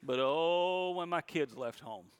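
A middle-aged man preaching a sermon, swinging between quiet reflection and loud, high emphasis and slowing down on key lines. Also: expressive, clean tone. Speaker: pastor.

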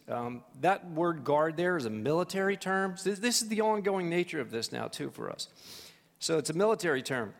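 A man teaching a church Bible study, telling stories in an animated way with frequent restarts and personal asides. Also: a little high, moderate pace, creaky. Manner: animated storytelling, many restarts, personal testimony. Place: church hall. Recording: long hall reverb.

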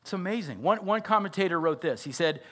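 A man's voice: high voice, animated, fast talker, a bit bright. A father and pastor preaching a sermon, earnest and often asking his listeners questions. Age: adult father. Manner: earnest, asks the audience questions.

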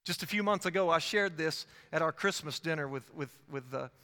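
Bright-voiced preaching man in a reverberant church. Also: a little high, fairly quick. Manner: dynamic preaching with sharp swings in loudness and frequent self-quotation. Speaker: evangelist. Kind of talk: sermon. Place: church sanctuary. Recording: long reverb of a church hall.

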